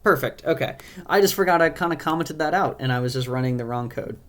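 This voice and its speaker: Losing his voice, a man who creates programming languages narrates a live coding session, hesitating with many ums as he thinks aloud. His voice is fairly high and fairly bright, and his pace is quick.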